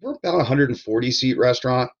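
A man's voice: medium pitch, expressive, fast talker, highs cut off. A man with a Baltimore accent, a chef talking candidly and casually as a podcast guest. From Baltimore area, USA. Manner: candid, rambling, swears casually.

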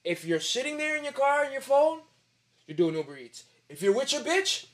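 Animated New man telling stories. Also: very high voice, normal speed. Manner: animated storyteller, profane street slang. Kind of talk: casual chat.

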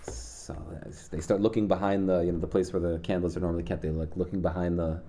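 A man with a low, dark voice teaches a Torah class, retelling a Hasidic story at a quick pace in a level tone. His conversational delivery has frequent restarts, with Yiddish and Hebrew words woven throughout.

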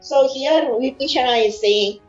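A woman's voice: high voice, unhurried, roomy sound, muffled recording, faint music behind. A woman retelling an epic story in conversation, explaining each verse and acting out the figures' words. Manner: explains verses line by line, acts out figures' pleas.

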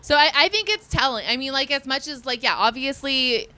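A woman's voice: high-pitched, animated, brisk, bright, forceful tone. A woman co-hosting a podcast in casual chat, making a thoughtful point with plenty of fillers. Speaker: podcast co-host.

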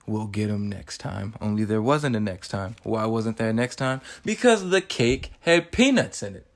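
A young man in his twenties talks through a movie on his podcast in a loose, chatty way. He gets worked up fast and slips into the characters' voices in quick bursts. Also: fairly low pitch. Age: 20s. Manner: excitable, acts out characters' lines in quick bursts. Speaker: podcast host. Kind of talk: animated casual movie recap.

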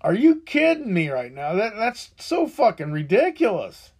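A middle-aged man with a somewhat high voice rants on his podcast. He is frustrated and profane, and he rambles, often restarting his sentences as he vents. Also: huge pitch swings, normal speed, darkish tone, husky. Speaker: podcast host. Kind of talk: angry political rant.

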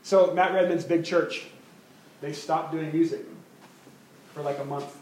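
A man preaching a sermon as pastor, animated, often repeating words as he builds his point. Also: a little high, measured pace, reverberant, slight background noise, poor audio.

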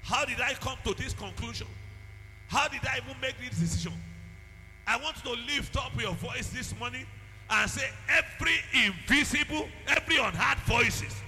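A man, a pastor, preaching a sermon that swings into shouted prayer and speaking in tongues. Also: extremely high pitch, lively intonation, moderate pace, a little hiss or hum. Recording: music under a long hall reverb.

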